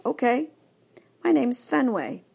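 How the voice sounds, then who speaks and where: A woman voicing an excitable young male dog in a storybook reading, bouncy and enthusiastic. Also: sits high, slow pace, gravelly, breathy edge, voice pushed up, full character voice. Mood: eager.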